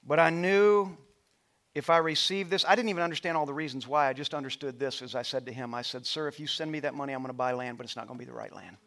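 A middle-aged male pastor preaching a sermon in a church, rising to loud passionate peaks and dropping to a soft storytelling voice. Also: medium pitch, fairly even intonation, quick pace, vocal fry. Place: church auditorium with stage lights.

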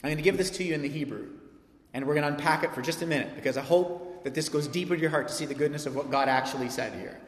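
A man preaching a sermon as pastor, emphatic and animated, swinging from loud peaks to soft, quiet stretches. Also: fairly high pitch, racing. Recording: echoey hall sound.

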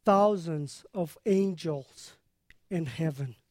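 An earnest preacher unpacks scripture at a very slow, deliberate pace, stopping often to explain. The voice sits at an ordinary middle pitch. It is recorded close and dry, with no room sound. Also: a little mellow, no echo. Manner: earnest, unhurried explaining with pauses. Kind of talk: sermon teaching on scripture.

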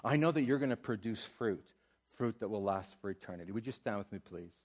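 A middle-aged man preaching a sermon as a pastor, moving between loud, emphatic exhortation and soft, tender prayer. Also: lowish voice, lively intonation, fairly quick, husky.

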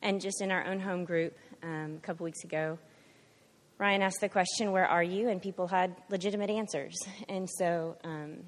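A woman with a very low voice shares a testimony in church and hesitates often between phrases. Her voice carries a long reverb from the sanctuary. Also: steady tone. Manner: warm-hearted, halting, with many fillers. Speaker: congregation member.

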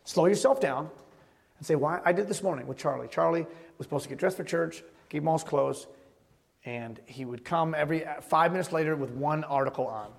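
A man preaching a sermon as pastor, telling stories in a conversational way and often dropping to a quiet voice. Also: on the high side, brisk, gravelly. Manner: conversational storytelling with sudden drops to quiet. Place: church sanctuary. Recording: long hall reverb.

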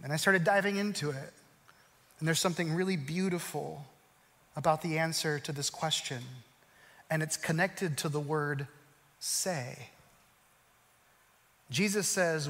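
A man preaching a sermon as pastor, moving between quick, loud storytelling and slow, hushed emphasis. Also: fairly high pitch, big-room sound.

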